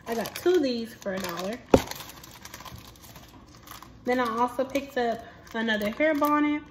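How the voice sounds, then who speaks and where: A woman's voice: on the high side, slight background noise. A young woman, chatting casually to her viewers in a playful, exclamatory vlog. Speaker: vlogger.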